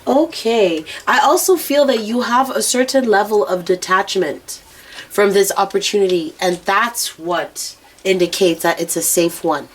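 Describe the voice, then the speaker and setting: A woman's voice: medium pitch, measured pace. A woman gives an intuitive spiritual reading outdoors, addressing the viewer directly. She is blunt and unfiltered, with frequent swearing. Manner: frank and profane, speaking straight to the viewer. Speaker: oracle and rune reader. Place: outdoors near planes and traffic.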